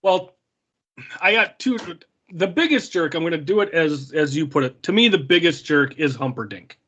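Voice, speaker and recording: A man's voice: on the high side, expressive, normal speed, fairly bright tone, highs cut off. A man co-hosting a casual podcast chat who is chatty and retells scenes with lots of "like" and "you know". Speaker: podcast co-host.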